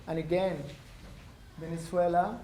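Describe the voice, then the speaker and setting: Losing his voice, a visiting ambassador from France speaks to an audience in a university lecture hall, his accented delivery high, flat and dark-toned, halting and full of ums. The sound comes from an unmiked room recording, echoey with faint noise.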